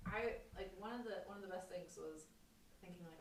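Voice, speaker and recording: A woman with a very low voice, chatting as a podcast guest and telling stories in an animated, rambling way full of restarts. She sounds roomy and far from the mic, with faint kitchen ambience behind her. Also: a little fast, a little hiss or hum. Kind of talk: casual chat, storytelling. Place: home kitchen.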